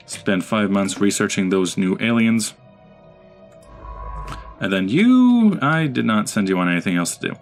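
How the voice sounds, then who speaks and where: A man giving casual gameplay commentary as a let's play host, chatting and talking to his units. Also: on the low side. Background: game music.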